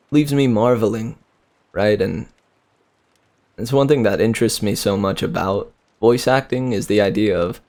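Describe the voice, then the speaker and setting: A man with a fairly low, darkish voice reads a book on a live stream. As an audiobook reader and streamer, he often pauses for casual chat with viewers, musing aloud and chuckling frequently.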